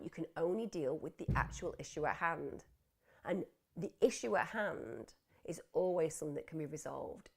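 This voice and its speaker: Low, gravelly-voiced woman giving advice. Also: darkish tone. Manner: earnest, explanatory, acts out inner voices in quotes. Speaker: psychotherapist host of a live wellbeing Q&A. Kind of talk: live advice talk on mental health.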